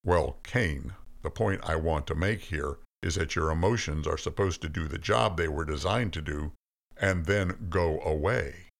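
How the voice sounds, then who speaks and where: A man voicing God as an all-powerful, stern but patient father figure, explaining things in a calm, folksy way. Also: very deep voice, a little slow, creaky, heavily acted. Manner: stern, then soft and calm.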